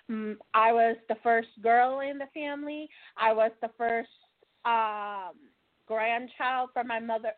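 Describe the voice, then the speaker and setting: An adult woman earnestly recounting her childhood in a personal testimony, plainspoken and often checking in with "right?". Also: a little high. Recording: tinny phone-like audio.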